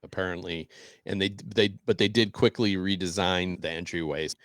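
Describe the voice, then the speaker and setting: A middle-aged man co-hosting a podcast, talking in a relaxed, rambling way with small chuckles. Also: low voice, normal speed, no echo, studio quality. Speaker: podcast co-host. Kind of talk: casual chat.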